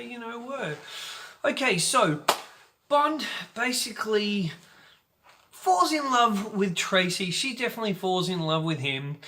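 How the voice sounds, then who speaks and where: A man hosting a casual video film review, talking in an energetic, jokey and playful way. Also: high voice, a little slow, a little hiss or hum. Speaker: host of a film review channel.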